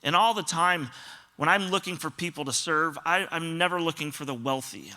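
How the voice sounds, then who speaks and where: A man's voice: fairly high pitch, bright, forceful tone. A man pastor giving a sermon, telling stories earnestly and often quoting other people. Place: church auditorium.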